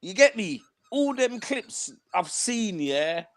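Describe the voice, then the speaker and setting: A man's voice: high voice, slow pace. A young man co-hosting a football podcast, slangy and emphatic, repeating his points. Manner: animated, slangy, emphatic repetition. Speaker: podcast co-host. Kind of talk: casual football banter.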